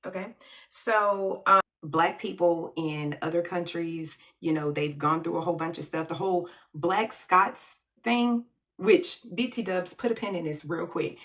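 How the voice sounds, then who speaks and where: A woman's voice: fairly low pitch, expressive, moderate pace, a bit bright, far from the mic. A woman from the United States giving blunt, slangy opinion commentary in a vlog, laughing often and taking asides. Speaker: vlogger.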